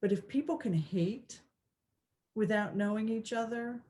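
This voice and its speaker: A woman's voice: a little high, a little slow, warm tone. A woman co-hosting a spirituality talk show, chatting casually, earnest and reflective, with many fillers and restarts. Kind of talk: casual chat.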